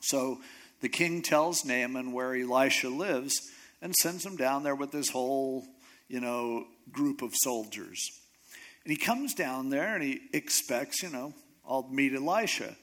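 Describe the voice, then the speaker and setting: Animated storytelling male pastor. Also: medium pitch. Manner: animated storytelling, acting out characters in quick asides. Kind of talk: sermon.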